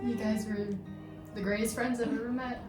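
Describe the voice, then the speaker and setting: A woman's voice: a little high, flat delivery, moderate pace. An Irish schoolgirl in her late teens chatting fondly with her friends. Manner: sincere, fond. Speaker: graduating student. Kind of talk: casual chat. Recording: echoey room, distant mic, music.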